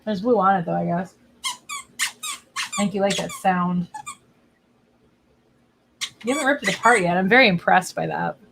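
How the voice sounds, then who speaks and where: A woman's voice: mid-range voice, normal speed, creaky, long pauses, noisy background. A woman author chatting casually on a livestream from home, talking to her dog while she waits for viewers.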